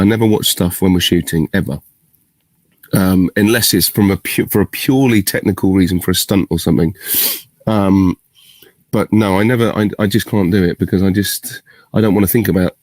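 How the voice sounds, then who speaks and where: In a relaxed virtual Q&A on a video call, a middle-aged man mulls over fans' questions out loud, good-humoured and meandering, often breaking into his own sentences. His pitch is fairly low, the tone darkish, and the recording dry.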